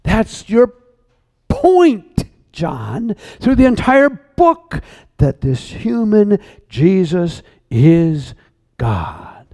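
High-voiced slow earnest preacher man. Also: very animated, dark tone. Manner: earnest, emphatic, repeats words, slows on key phrases. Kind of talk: sermon.

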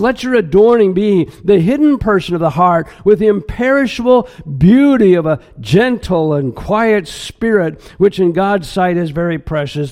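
Animated man preaching a sermon. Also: sits high. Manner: emphatic preaching with sudden loud outbursts and quiet asides. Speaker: pastor.

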